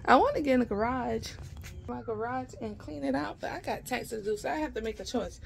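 A woman with speech talks casually in a home vlog. Her voice sits a little high with a gravelly, fry-edged texture. A faint hiss runs under the recording. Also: fairly quick. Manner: chatty storytelling, blunt and profane. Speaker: vlogger. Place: home, partly out on the porch.

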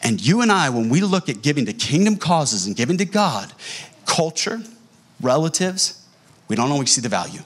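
Husky, lively pastor preaching. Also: male voice, a little high, normal speed. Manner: animated storytelling, acting out quoted dialogue. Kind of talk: sermon. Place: church sanctuary.

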